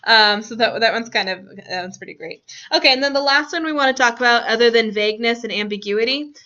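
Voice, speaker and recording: A woman's voice: fairly high pitch, fast talker, pushed and bright. A woman teacher leading a classroom lesson, asking students questions and laughing often. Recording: dull lo-fi classroom recording.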